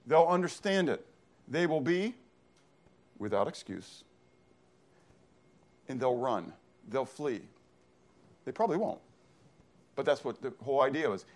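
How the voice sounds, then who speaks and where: A male pastor preaching a sermon in an emphatic style, often posing questions to the congregation and then answering them himself. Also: on the high side. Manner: emphatic, uses call-and-response questions.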